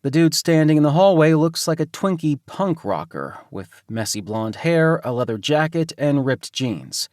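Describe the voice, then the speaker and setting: A man narrating a romance audiobook in the first person, with an even, measured reading. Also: a little high, no echo, studio quality.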